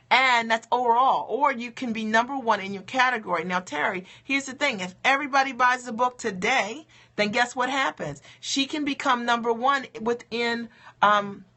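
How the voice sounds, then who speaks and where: A woman's voice: fairly high pitch, bright, forceful tone. A woman coach giving an upbeat, encouraging motivational talk on a livestream, often checking in with "okay?" and "right?". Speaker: coach for mothers in business.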